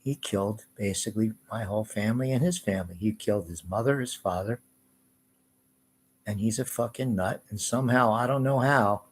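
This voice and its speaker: A man's voice: lowish voice, darkish tone. A man in an agitated, swearing, rambling rant. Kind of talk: angry profane rant.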